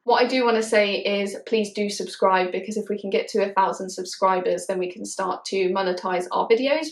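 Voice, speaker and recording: Uk woman chatting about her dogs, laughs a lot, slows down on key points, roomy echo. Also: mid-range voice. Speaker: dog owner vlogger. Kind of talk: casual chat to camera. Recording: echoey room.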